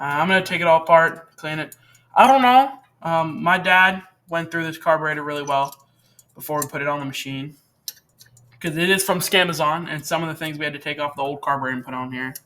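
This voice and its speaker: A teenage boy with a fairly high, bright, forceful voice hosts a casual how-to channel, demonstrating a repair at his home workbench. He rambles chattily and often corrects himself.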